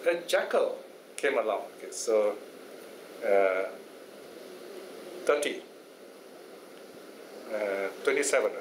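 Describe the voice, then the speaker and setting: A Buddhist teacher telling a fable to a study class, chatty and often checking in with his listeners. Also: mid-range voice. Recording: echoey room, faint noise.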